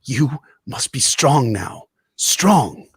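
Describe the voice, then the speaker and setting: Guy doing a dying old maester, voice pushed up high, stumbles over words, weak and desperate. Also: very animated, slightly rough, dry recording, heavily acted. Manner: halting, faltering speech.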